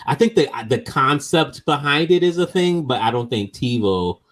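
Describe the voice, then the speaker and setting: A man hosting a movie reaction show, chatting casually and breaking into laughter as he fumbles for words and swears freely. His voice sits at a middle pitch but rises and falls with a lot of life. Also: animated, moderate pace, fairly bright tone. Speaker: host of a movie review show.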